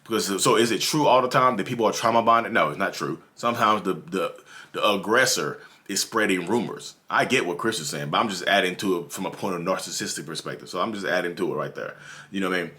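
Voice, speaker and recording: A man's voice: low voice, quick pace, bright, forceful tone. A man from North Carolina with a Southern drawl, talking earnestly and repetitively to his viewers as the host of his own channel. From North Carolina, USA. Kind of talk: casual advice monologue.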